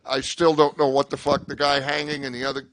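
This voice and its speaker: A man's voice: medium pitch, little pitch movement, fast, a bit bright, no echo. An older man doing a rambling, profane stand-up comedy set, cutting himself off mid-thought. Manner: rambling, profane, self-interrupting.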